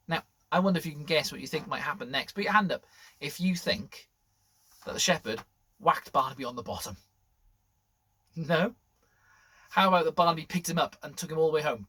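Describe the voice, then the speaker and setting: A man presenting a school assembly, telling a story to children in an animated way that drops to whispers. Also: on the high side, normal speed, long pauses, slightly rough.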